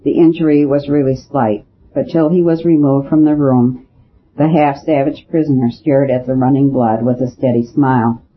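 A man narrating a storybook as an audiobook reader, reading in a measured, steady way. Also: mid-range voice, slightly rough. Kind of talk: scripted narration. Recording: dull lo-fi with faint hiss.

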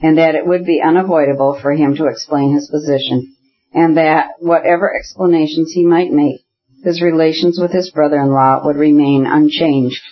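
A man reading a novel aloud in measured, even scripted narration. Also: on the high side. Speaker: audiobook narrator. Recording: dull lo-fi recording.

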